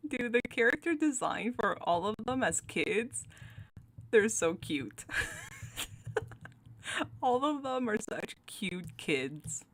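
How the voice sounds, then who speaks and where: A woman's voice: fairly high pitch, big pitch swings, very slow, pauses often. A young woman hosting her channel, chatting casually while ranking game cards, giggling often and talking with many fillers and restarts. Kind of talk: casual commentary.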